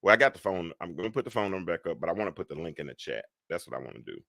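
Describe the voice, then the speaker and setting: A man hosting a live call-in talk show, rambling and animated, swinging between loud and soft talk. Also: sits low, racing, vocal fry, no echo, studio quality.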